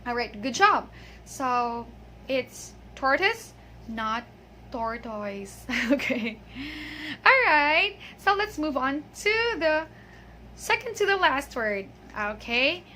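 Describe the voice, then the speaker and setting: A woman's voice: high-pitched, big pitch swings, slow pace, sharp tone, a little hiss or hum. A woman teaching English pronunciation, chatty and patient, repeating words for the listener to copy and praising them. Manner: chatty, with fillers and small laughs. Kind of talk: pronunciation lesson, speaking to the viewer.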